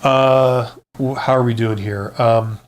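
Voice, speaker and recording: A man's voice: medium pitch, fairly even intonation, takes it slowly. A middle-aged man hosting a live Q&A, chatting casually with many fillers and restarts, blunt and reassuring. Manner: blunt, joking asides. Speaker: livestream host, former CEO.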